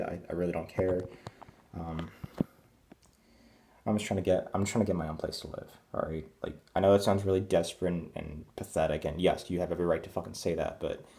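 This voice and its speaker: Low-pitched and warm, this vlogger's voice delivers a crude, rambling rant full of fillers. He's in his twenties, at home indoors, and keeping his voice down because it's early in the morning.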